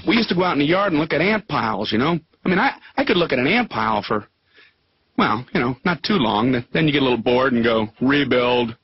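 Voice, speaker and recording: Stand-up comic, male, high and very animated pitch, acts out bits, dull lo-fi sound. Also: quick pace, a little hiss or hum. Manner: animated storytelling, acts out voices. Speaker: stand-up comedian. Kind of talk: stand-up monologue. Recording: dull lo-fi TV audio.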